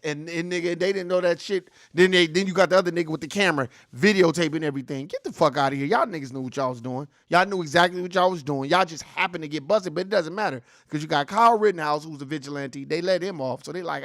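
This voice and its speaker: A man's voice: a little high, fast, hardly any pauses, fairly bright tone, no room sound, studio quality. A man in his forties hosting a ranting reaction commentary, profane, heated and mocking. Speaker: host.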